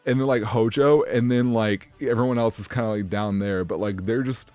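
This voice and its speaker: A man co-hosting a podcast, chatting casually and profanely about a video game, animated and often restarting his sentences. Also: medium pitch, moderate pace, clean tone, no room sound, soft background music. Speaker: podcast co-host. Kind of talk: casual gaming chat.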